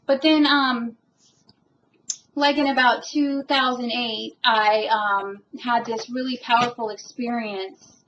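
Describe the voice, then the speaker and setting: A woman with a somewhat high voice talks in a casual personal monologue, earnest and emotionally moved. She rambles and pauses with plenty of fillers. The audio is dull and lo-fi with a faint hiss. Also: steady tone, a bit bright. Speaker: spiritual vlogger.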